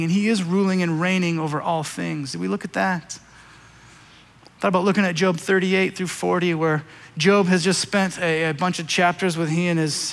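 A high-voiced man preaching a sermon to his congregation. He tells scripture stories with energy and acts out the figures as he goes. His voice rings with a long reverb through a big hall. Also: vocal fry. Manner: animated storytelling, acting out biblical figures. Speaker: pastor.

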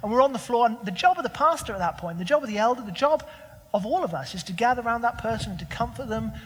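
Young guy preaching, kinda high husky voice, lots of questions to the crowd, echoey hall. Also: animated, fast talker. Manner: conversational, with rhetorical questions. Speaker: pastor. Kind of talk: sermon.

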